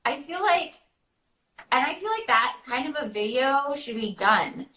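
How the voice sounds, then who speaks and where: A woman's voice: high voice, expressive, a little slow, bright, forceful tone. A woman hosting a live video chat, talking casually and poking fun at herself. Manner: chatty and self-deprecating. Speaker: host.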